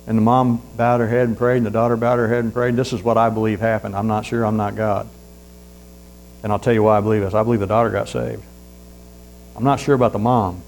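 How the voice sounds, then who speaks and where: Gravelly preacher, folksy storytelling. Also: male voice, medium pitch, low-quality recording. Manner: folksy storytelling, rising loud on points then dropping to hushed asides. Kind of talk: sermon. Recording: faint mains hum.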